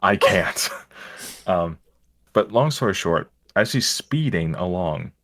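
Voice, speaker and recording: A man's voice: deep voice, animated, slow pace, a bit bright. A man, a stream guest, telling stories in casual chat, rambling and self-mocking with frequent restarts.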